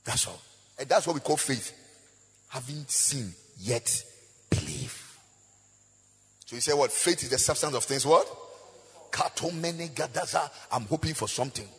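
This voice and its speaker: A man preaching a sermon, chanting in a sing-song voice, rising to shouts, asking the crowd call-and-response questions and breaking into tongues. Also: medium pitch, expressive, moderate pace, long pauses, husky. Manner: bursts of praying in tongues. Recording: echoey hall with faint music.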